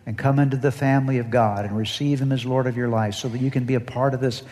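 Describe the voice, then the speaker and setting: A man's voice: medium pitch, fairly even intonation, quick pace, a little mellow, big-room sound. A male pastor preaching an earnest sermon and leading the congregation in call-and-response.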